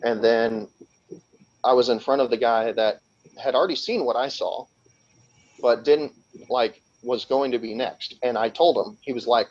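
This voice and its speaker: A man's voice: medium pitch, normal speed, a little mellow. A man talking as a podcast guest, telling a long story in a rambling, casual way with many restarts. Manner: rambling, with frequent restarts and laughs, acting out quoted voices. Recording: slightly dull lo-fi sound.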